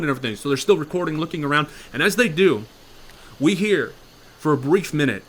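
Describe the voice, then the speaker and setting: Man, bright forceful voice, profane improv horror storyteller, hushed then loud. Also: a little high, lively intonation, fast talker. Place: virtual reality chat room.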